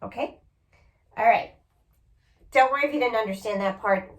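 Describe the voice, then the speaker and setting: A woman's voice: on the high side, moderate pace, echoey room. A woman teacher giving a spelling lesson to children, patiently sounding out each word letter by letter.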